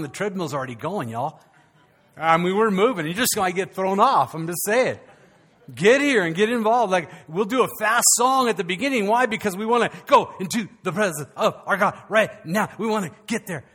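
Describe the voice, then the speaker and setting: Man, pastor, lively sermon, high voice, long hall reverb. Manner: lively, joking asides to the congregation. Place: church sanctuary.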